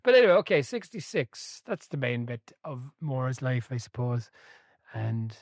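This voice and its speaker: Animated male podcast host. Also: mid-range voice, a little slow, dry recording, clean studio sound. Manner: animated storyteller, laughs and swears freely. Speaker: book club podcast host. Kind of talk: casual podcast chat.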